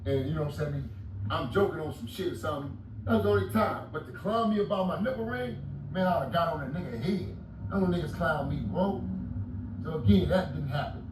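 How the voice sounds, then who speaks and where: A man in his late forties retelling prison stories loudly and profanely, shouting at times in an animated way. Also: a little high, a little fast. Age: 40s. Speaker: guest telling prison stories. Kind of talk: storytelling interview. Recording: roomy echo, distant mic, audible noise.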